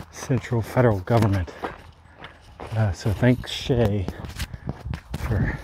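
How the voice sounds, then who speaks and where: A man's voice: medium pitch, background noise. A man hiking a long trail and talking to the camera in a casual vlog, with wry, self-mocking commentary on his day outdoors. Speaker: long-distance hiker vlogging.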